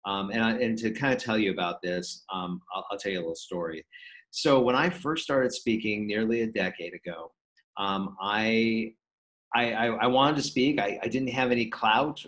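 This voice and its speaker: A man, a podcast guest, telling a story in a casual interview and acting out the quoted dialogue with lively energy. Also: on the low side, low-quality recording.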